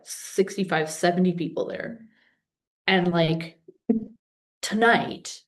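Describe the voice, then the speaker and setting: A woman leading a casual group discussion, speaking in a calm, thoughtful way. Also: on the low side.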